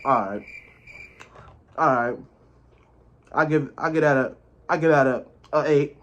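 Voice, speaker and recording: A man's voice: fairly high pitch, unhurried, a bit bright. Laid-back young man eating on camera. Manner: laid-back slangy banter, talks with food in mouth. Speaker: mukbang vlogger. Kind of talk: casual talk to camera while eating.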